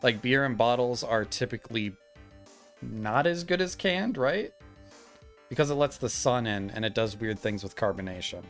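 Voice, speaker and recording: A man's voice: medium pitch, animated, normal speed, fairly bright tone, faint music behind. A young man streaming live, chatting and rambling casually with frequent laughs.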